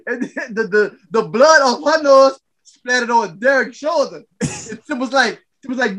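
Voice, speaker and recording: A man co-hosting a podcast, telling a crude, animated story and laughing as he acts out quotes. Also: extremely high pitch, moderate pace. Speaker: podcast co-host. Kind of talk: casual storytelling chat.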